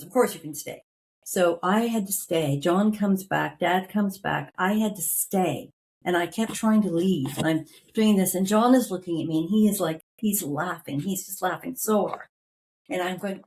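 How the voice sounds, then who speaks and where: A woman, a podcast guest telling a family story in a lively way and acting out the lines of her relatives. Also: on the low side, normal speed. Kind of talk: storytelling in an interview.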